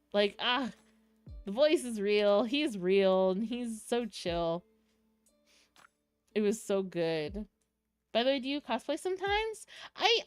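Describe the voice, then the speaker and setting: Young woman streamer chatting w her chat, excitable rambly storyteller, highish voice, soft music in the back. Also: clean tone, no room sound. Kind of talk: casual chat with live chat.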